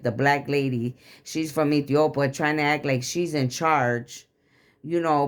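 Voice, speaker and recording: A woman with a fairly low-pitched voice pours out a long, agitated confessional rant for her vlog. She rambles from thought to thought and swears freely. She talks like someone who is worked up and speaking straight to her viewers. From Chicago area. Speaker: vlogger.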